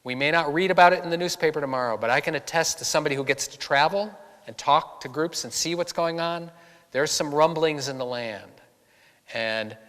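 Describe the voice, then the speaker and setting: A man's voice: a little high, clean tone. A man from giving a talk to an audience, telling stories and acting out the voices of people he quotes. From Boston area, USA. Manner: animated storyteller, acts out quoted voices. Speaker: author giving a public talk. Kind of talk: storytelling speech to an audience. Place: church hall. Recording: long hall reverb.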